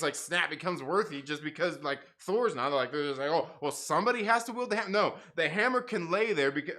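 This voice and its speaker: Running a laid-back livestream, a young man reads out chat messages and laughs a lot. He shifts back and forth between loud outbursts and quiet asides.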